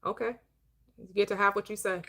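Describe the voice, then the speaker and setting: Woman running a live call-in chat, preaching scripture slow and punchy, loose casual talk. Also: mid-range voice, level tone, a bit bright. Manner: quotes scripture with slow emphatic preaching cadence, casual dialect. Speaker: host of an online live audio room. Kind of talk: heated live discussion.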